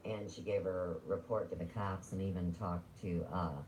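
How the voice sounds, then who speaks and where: A man's voice: low-pitched, steady tone, moderate pace, a little mellow, slight background noise, rough recording. A man ranting on a livestream, rambling, sarcastic and full of swearing.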